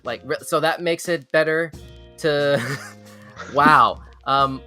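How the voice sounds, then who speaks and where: Man hosting live reaction stream, bright voice, excitable, laughing, faint music behind. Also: a little high, slow. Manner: excitable, laughing, stumbling restarts. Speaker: show host. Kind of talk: live news reaction chat.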